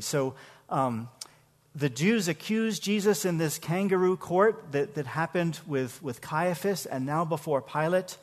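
Conversational pastor preaching in a reverberant hall. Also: male voice, on the high side, animated, measured pace. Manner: conversational, repeats words at the start of phrases, asks the congregation questions. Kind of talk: sermon. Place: church sanctuary.

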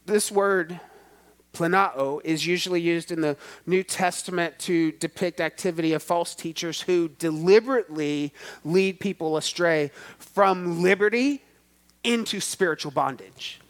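A man's voice: on the high side, unhurried. A man preaching a sermon in a church, stretching out key words and swelling with emphasis. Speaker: pastor.

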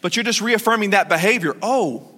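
A man's voice: sits high, brisk, bright, forceful tone, big-room sound. A man in his thirties preaching a sermon as pastor, conversational and joking, acting out short quotes.

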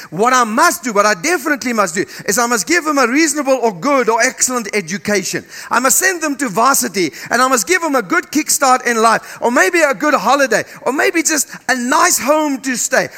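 Pastor in his fifties, native Dutch speaker, high bright voice, emphatic sermon delivery. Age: 50s. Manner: emphatic, repeating phrases, joking with the congregation.

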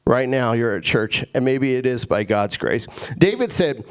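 A man's voice: medium pitch, expressive, normal speed. A male pastor preaching a sermon in an earnest way, repeating phrases and stammering into restarts.

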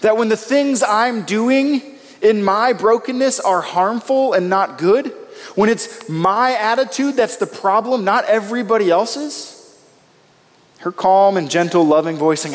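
Male pastor in his thirties, higher-pitched, emphatic preaching with swings in pitch, recorded in a reverberant hall. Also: unhurried. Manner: emphatic, rising and falling delivery. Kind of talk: sermon.

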